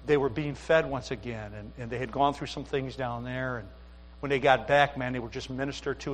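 A man's voice: medium pitch, a bit bright, in a large hall, a little hiss or hum. A middle-aged man preaching a sermon as pastor, telling folksy stories with asides to the congregation. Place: church sanctuary.

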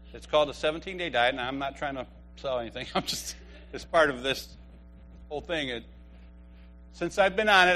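Fifties guy telling a funny church testimony, laughs a lot, kinda high voice, faint noise behind. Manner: animated storyteller who laughs often. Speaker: church member giving a testimony.

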